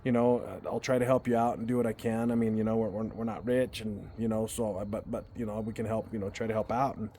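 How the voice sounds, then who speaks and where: Low-voiced man with halting, repetitive speech. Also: little pitch movement, mellow, a little hiss or hum. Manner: halting, many restarts and repeated words. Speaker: vlogger. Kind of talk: casual storytelling to camera.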